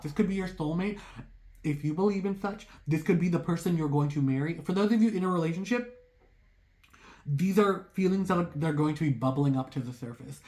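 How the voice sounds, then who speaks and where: An excitable tarot reader talks straight to viewers in a casual reading. Their voice sits in a middle range and their thoughts race ahead. The delivery is loose and rambling, full of "like" and apologetic side remarks. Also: medium pitch. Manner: rambling, heavy use of "like"; apologetic asides.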